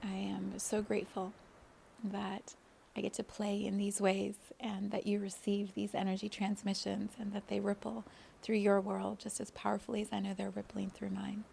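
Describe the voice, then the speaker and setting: A woman hosting a spiritual podcast, talking in a gentle, flowing way and laughing often. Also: medium pitch, monotone, moderate pace, vocal fry, slight background noise. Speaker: podcast host, spiritual guide.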